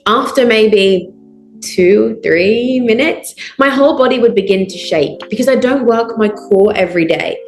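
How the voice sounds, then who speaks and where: A woman's voice: fairly high pitch, unhurried. A woman voice coach talks a class through a breathing drill over a video call. She is encouraging and instructive and counts the breaths aloud. The room is echoey, with faint music underneath. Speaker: voice and public speaking coach. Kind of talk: guided breathing lesson.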